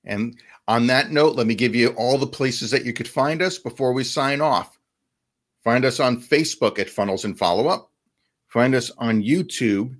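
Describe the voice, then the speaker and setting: A podcast co-host with a mid-range voice speaks at a moderate pace, casually explaining business advice during a podcast chat. He often restarts his phrases partway through.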